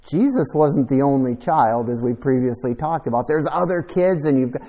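A man's voice: medium pitch, expressive, normal speed, warm tone. A man preaching a conversational sermon, reflective and thinking aloud, sometimes repeating a word as he goes. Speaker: pastor.

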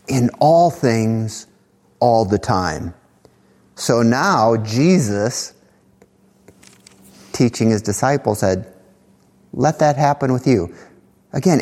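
A man's voice: mid-range voice, darkish tone, big-room sound. A man preaching an expository Bible teaching, conversational, with asides and rhetorical questions. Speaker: pastor.

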